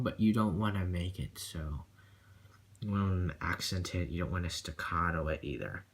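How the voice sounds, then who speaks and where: In a music lesson walkthrough, a man teaches a cello piece, singing rhythms as "da, da," frequently checking in with "okay?" and making casual apologetic asides. His low voice is a bit bright and he speaks at a moderate pace.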